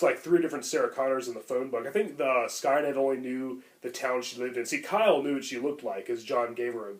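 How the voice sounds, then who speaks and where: Man, podcast co-host, rapid casual chat, enthusiastic, rambling with fillers. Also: medium pitch.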